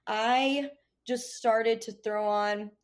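A woman answering interview questions about training her dog, animated and acting out cheerful voices. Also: a little high, drawn-out words.

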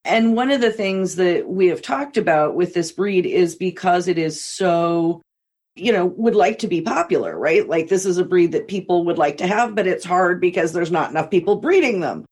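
A woman's voice: lowish voice, expressive, normal speed, a little mellow. A woman hosting an interview, asking open questions and affirming often.

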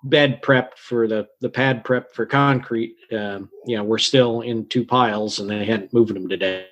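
A man's voice: fairly low pitch, steady tone, measured pace, fairly bright tone, dull audio. A man co-hosting a casual podcast, easygoing, with a dry joking manner. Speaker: podcast co-host. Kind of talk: casual chat.

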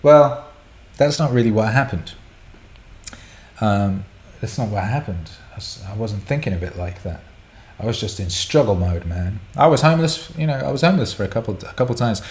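A man's voice: on the low side, animated, moderate pace. A middle-aged man hosting a casual chat show, answering listener questions in a candid, rambling storytelling way with repeated words.

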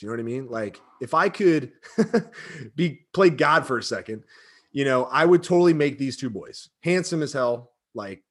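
A man's voice: mid-range voice, a bit bright, breathy edge. A man in his thirties talking casually and emotionally, with lots of fillers and rambling asides. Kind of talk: casual chat.

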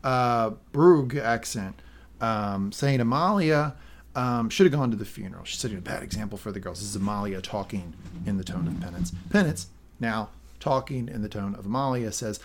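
A man's voice: on the low side, animated, a little fast. A man co-hosting a podcast, casually recapping a TV episode and reading out quoted lines. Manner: narrates plot, reads quoted lines aloud. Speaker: podcast co-host.

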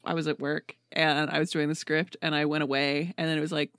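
A podcast co-host with a low, level, fairly bright voice chats casually and enthusiastically, laughing often and talking a little fast. The audio is dry and studio quality.

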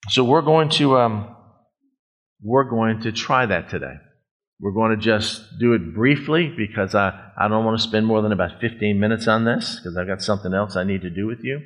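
A man's voice: fairly low pitch, moderate pace. A middle-aged man, a pastor, preaching a conversational, folksy sermon and drawing out words for emphasis.

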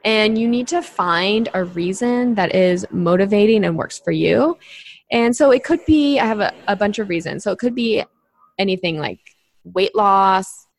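In a medium-pitched voice at a moderate pace, a woman explains nutrition to clients on a casual podcast she co-hosts as a nutrition coach, talking chattily and leaning on lots of fillers.

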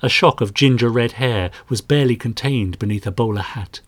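Husky guy reading an audiobook mystery, dry close mic, mid pitch. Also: dry recording. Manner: measured, dramatic storytelling. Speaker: audiobook narrator. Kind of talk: scripted narration.

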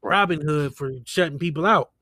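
A man co-hosting a podcast in casual chat, animated and profane, mocking people with whiny put-on voices. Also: a little high, normal speed, no echo, clean studio sound. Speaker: podcast co-host.

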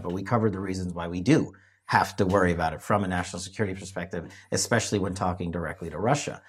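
A man hosts a political discussion show, speaking emphatically in a low, slightly bright voice at a rapid-fire pace. He often restarts his phrases, repeating himself as he does.

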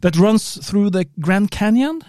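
Man co-hosting a chat show, higher pitch, warm and dry, hesitant. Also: lively intonation, measured pace, dry recording. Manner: hesitant, many fillers and restarts, laughs often. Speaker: podcast co-host. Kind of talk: casual chat.

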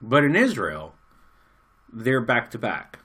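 Animated American man telling a story. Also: mid-range voice, slow pace, slightly rough. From United States. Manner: animated, jokey storyteller acting out quotes. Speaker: podcast co-host. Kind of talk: casual storytelling chat.

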